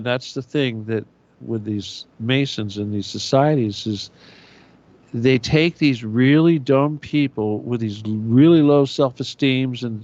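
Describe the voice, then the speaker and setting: A man's voice: medium pitch, darkish tone, highs cut off. A man hosting his own radio show, delivering a profane, sarcastic conspiratorial monologue. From United States.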